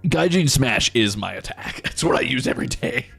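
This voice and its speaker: Male streamer, gravelly voice, lively swings in pitch, profane casual storytelling, faint music behind. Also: moderate pace.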